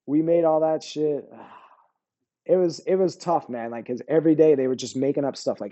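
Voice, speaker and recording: A middle-aged American army veteran tells war stories in a casual interview, laid-back and full of slang like "bro" and "you know what I mean." His voice sits on the high side with a warm tone and a normal pace. The recording sounds muffled.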